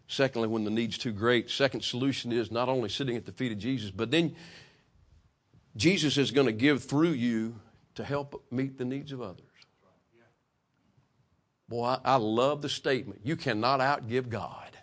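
A man preaching a sermon, swinging from loud, passionate peaks to hushed, quiet stretches. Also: mid-range voice, a little fast. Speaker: pastor.

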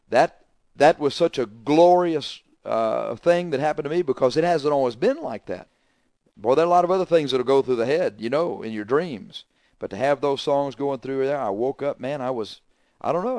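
A man preaches a sermon at a middle pitch, earnest and conversational. He leans on rhetorical questions and repeats his key lines. The recording is dry, with little room sound. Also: expressive, moderate pace, darkish tone, dry recording.

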